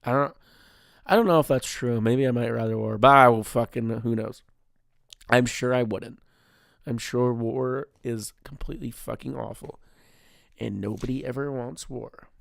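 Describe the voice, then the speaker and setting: A young man hosts his own podcast in a loose, rambling way, cursing freely and making fun of himself. His voice has a gravelly, fry-heavy texture. The sound is dry and close, with no room echo. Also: medium pitch, fairly even intonation, moderate pace. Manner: rambling, heavy swearing, self-deprecating. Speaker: podcast host. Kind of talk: casual solo podcast chat.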